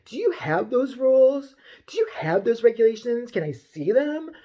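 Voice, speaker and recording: A man putting on a shrill, entitled angry woman. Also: sing-song, mellow. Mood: demanding. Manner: whiny, indignant, drawn-out.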